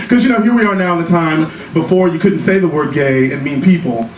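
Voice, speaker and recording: A man performing a one-man comedy show in a small club, telling stories in a sassy, profane way with quick asides. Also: a little high, a crowd in the background. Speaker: stand-up comedian. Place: small cabaret club stage. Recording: roomy live club recording from a distance, audience noise. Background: audience laughter.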